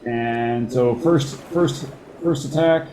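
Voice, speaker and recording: A man running a tabletop game as dungeon master, unhurried and chuckling as he thinks aloud between dice rolls. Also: mid-range voice, dark tone, slight background noise.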